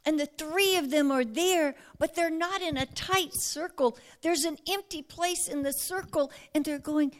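A woman preaching a sermon earnestly, often dropping to a hushed near-whisper. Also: high voice, a little slow, hardly any pauses.

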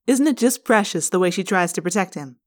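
A woman's voice: medium pitch, animated, brisk, no room sound, studio quality, close to an everyday voice. Woman voicing a fond, chatty middle-aged mom; light audiobook scene. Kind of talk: fan audiobook reading.

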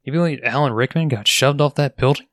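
A man's voice: mid-range voice, fast, fairly bright tone, no echo. Wry, joking man in a dry room. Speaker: podcast co-host. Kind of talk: casual chat.

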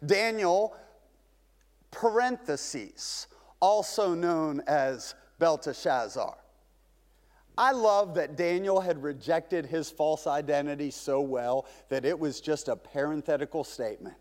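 A male pastor delivering a lively, conversational sermon full of rhetorical questions to a congregation. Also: a little high, takes it slowly, in a large hall. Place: large church sanctuary.

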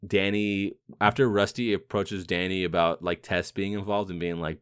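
A man's voice: low-pitched, little pitch movement, clean tone, no room sound, clean studio sound. A man co-hosting a podcast, chatting casually about a movie, quoting lines with plenty of swearing. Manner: swearing, quotes movie lines, quick bursts. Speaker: podcast co-host. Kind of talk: casual movie-review chat.

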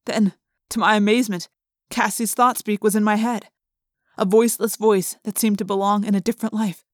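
A woman's voice: medium pitch, steady tone, fairly quick, no room sound. Woman narrating an audiobook, dry and close. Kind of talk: first-person audiobook narration.

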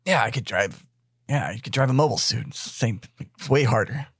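A man playing in a tabletop game, joking and talking in halting bits. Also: medium pitch, fairly bright tone, breathy edge, no room sound, studio quality. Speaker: player. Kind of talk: casual play chat.

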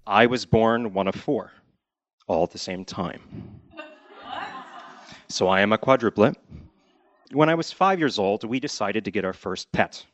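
Guy from connecticut telling a funny kid story live, wry deadpan, lowish voice, dry dull sound. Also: unhurried, pauses often, no room sound. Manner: wry, deadpan delivery with acted-out quotes.

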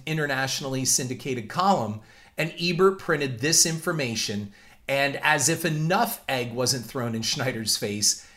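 Bright-voiced man telling a story. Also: medium pitch. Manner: animated, repeats words while talking. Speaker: podcast host. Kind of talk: storytelling commentary.

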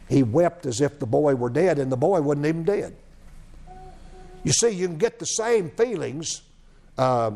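A man's voice: fairly high pitch, vocal fry, dark tone. A man preaching a sermon, telling a story, repeating phrases and asking rhetorical questions.

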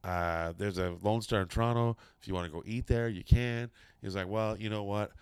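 Deep-voiced man telling a profane story. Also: steady tone, moderate pace, smooth, no room sound. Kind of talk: casual anecdote telling.

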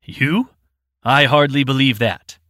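A man's voice: slow pace, pushed and bright, dry recording, studio quality. A man voicing a frightened grown woman searching for her missing daughter, speaking in a raised, pleading voice. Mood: earnest. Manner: raised pitch, pleading and earnest.

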